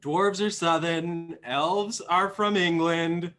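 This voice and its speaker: A man's voice: fairly high pitch, steady tone, takes it slowly, a bit bright. A young man running a tabletop game as game master, rambling with many fillers and restarts.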